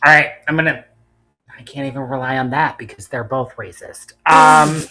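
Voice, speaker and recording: A woman's voice: very deep voice, steady tone, moderate pace, bright, forceful tone. A woman co-hosting a casual podcast chat, swearing freely and hamming up mock outrage for laughs. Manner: profane, dramatic outrage played for laughs. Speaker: podcast co-host.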